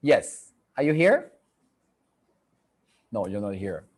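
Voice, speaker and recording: A man's voice: lowish voice, sing-song, slow, a little mellow. A middle-aged man with a French accent, hosting a live video-call show as a medium in a chatty, rambling way. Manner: chatty, rambling, repeats himself. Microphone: computer mic on a video call.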